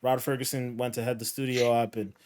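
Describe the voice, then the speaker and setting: A man hosting a gaming podcast in casual chat, relaxed and rambling with filler words. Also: mid-range voice, a little fast. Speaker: podcast host.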